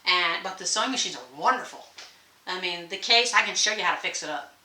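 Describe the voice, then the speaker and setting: A woman's voice: fairly low pitch, expressive, brisk, sharp tone. A woman, hosting a casual sewing vlog from her sewing room, folksy and rambling with frequent laughs. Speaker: sewing channel host. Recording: echoey room, faint noise.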